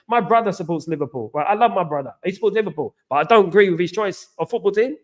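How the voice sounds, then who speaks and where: Chatting casually on his live stream, an English man reads viewer comments aloud and responds to them with lively, repetitive banter and slangy shout-outs. His voice is a bit higher than typical for a man, and he speaks quickly with hardly any pauses.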